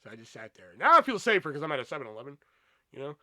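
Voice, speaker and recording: A man's voice: fairly high pitch, racing, no room sound. A young man hosting a podcast, telling a rambling story with a lot of swearing. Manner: profane, rambling, animated storytelling. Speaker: podcast host. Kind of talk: casual storytelling monologue.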